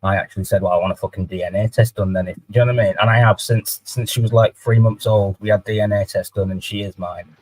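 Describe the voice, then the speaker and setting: A man's voice: on the low side, fairly even intonation, fast, a little mellow, no room sound, low-quality recording. A young man telling a personal story in a candid, sweary casual chat. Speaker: livestream guest.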